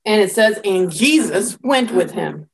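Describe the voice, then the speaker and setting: A middle-aged woman giving a recorded Bible study lecture, telling the story in an animated way, acting out quotes and often restarting her sentences. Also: medium pitch, measured pace, vocal fry.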